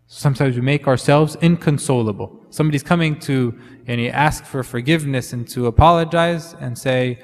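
A man delivers a sermon in a loose, conversational way, sprinkling Arabic fillers between his points. His voice sits at an ordinary middle pitch. It rings out with a long reverb, as if in a church hall. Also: steady tone, normal speed. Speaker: preacher.

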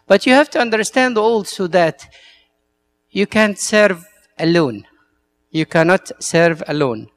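A man's voice: high-pitched, animated, unhurried, long pauses, a bit bright. A male priest with an Egyptian Arabic accent, a native Arabic speaker, giving an earnest talk to church servants and telling stories in broken English.

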